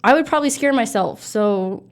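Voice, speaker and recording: A woman's voice: on the high side, animated, moderate pace. A young adult woman co-hosting a casual chat, talking in a hesitant, easily spooked way with many fillers. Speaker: co-host.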